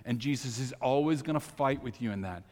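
A pastor preaches a sermon in a church sanctuary, his medium-pitched, slightly mellow voice moving fairly quickly and echoing as in a large hall. He speaks conversationally, tells personal stories, and puts questions to the congregation.

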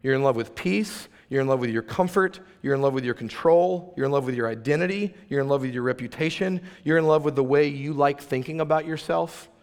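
A man's voice: medium pitch, a little fast, hardly any pauses, a little mellow. A man preaching a sermon as pastor, conversational and emphatic, with playful asides to the room. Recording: long reverb of a large hall.

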